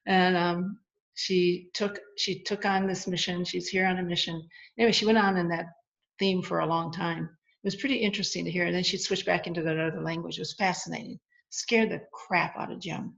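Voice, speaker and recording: A woman with a fairly low voice tells a personal story at length, earnest and animated, and often restarts her sentences. The recording is dull and lo-fi. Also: normal speed, vocal fry. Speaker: guest.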